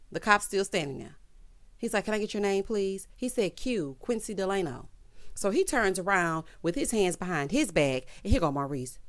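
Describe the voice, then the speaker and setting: A woman recapping a TV drama in casual, sassy commentary, acting out the characters' lines in a Southern-tinged style. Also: medium pitch. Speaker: TV recap host.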